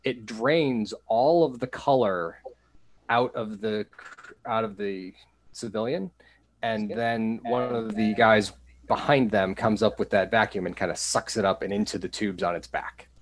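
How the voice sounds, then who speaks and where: Guy running a tabletop game, fairly low voice, kinda halting with lots of ums. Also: fairly even intonation. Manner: hesitant, with many fillers and restarts. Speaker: game master.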